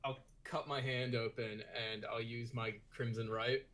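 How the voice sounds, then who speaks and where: A man's voice: medium pitch, level tone, measured pace, fairly bright tone, a little hiss or hum. Hesitant man playing a tabletop game. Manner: hesitant, with many restarts. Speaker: player.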